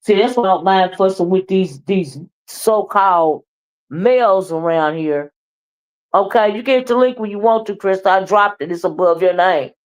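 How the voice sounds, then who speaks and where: A woman's voice: medium pitch, normal speed. A woman hosting a casual livestream, scolding and sassy, with repeated "okay?" and "child.". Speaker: livestream host.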